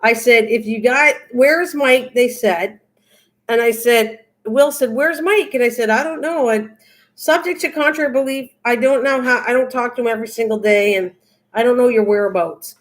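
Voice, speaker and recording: Her voice is a little high and her pace moderate. This older woman runs a crafting livestream, casually chatting with viewers and reading out their comments as she replies.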